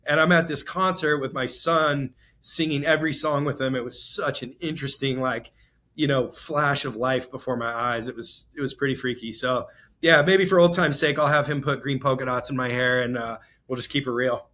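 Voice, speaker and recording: A man's voice: mid-range voice, fairly even intonation, normal speed, sharp tone. A man in his forties, a real estate entrepreneur, talking candidly and emotionally in a podcast interview, rambling with many restarts. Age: 40s.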